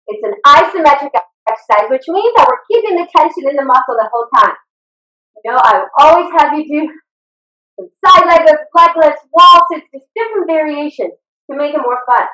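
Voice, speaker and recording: Breathless high-voiced woman coaching a workout. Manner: encouraging, gives steady cues while exercising along. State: out of breath from exercising. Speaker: fitness instructor. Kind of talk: live online workout coaching. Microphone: video call. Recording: roomy sound from away from the mic.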